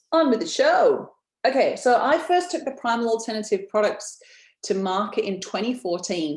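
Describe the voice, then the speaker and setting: A woman hosts a casual business webinar from her home, talking in a chatty, encouraging way and asking her audience questions. Her voice has a roomy echo around it. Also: fairly low pitch. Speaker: business founder presenting a webinar.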